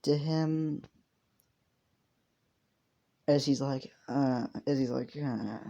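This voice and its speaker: Young man rambling through a story, mellow voice. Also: medium pitch, very slow, vocal fry, lo-fi sound. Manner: rambling, heavy swearing. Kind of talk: casual improvised storytelling.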